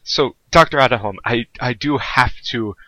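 A man playing a polite, formal academic dean in a tabletop game. His voice is bright and clear and recorded dry. He speaks with stiff courtesy. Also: medium pitch, moderate pace, no echo, natural voice, low-quality recording. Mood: courteous.

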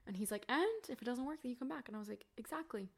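A woman's voice: fairly high pitch, rapid-fire, vocal fry. A woman in her twenties, a podcast guest telling a personal story in a chatty way with many fillers. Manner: chatty, many "like" fillers, quotes family in dialogue. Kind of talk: casual storytelling interview.

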